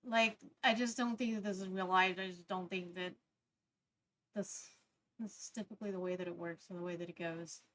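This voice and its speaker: A woman's voice: on the low side, steady tone, moderate pace, fairly bright tone. A woman co-hosting a casual talk show, skeptical and challenging the stories she hears. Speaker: co-host.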